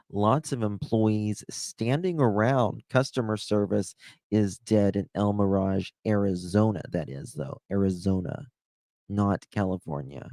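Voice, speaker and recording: A Southern man with a clear twang comments casually on a news clip. He talks slowly in a lowish voice and rambles with asides. The sound is close and dry. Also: a little mellow, no room sound. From American South. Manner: rambling, chatty, with restarts and asides. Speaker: true crime commentator.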